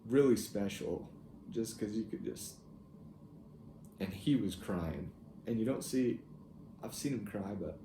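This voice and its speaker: A young man telling a personal family story in a halting, reflective way, with soft laughs. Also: on the low side, lively intonation, noisy background. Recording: echoey room with faint ambience.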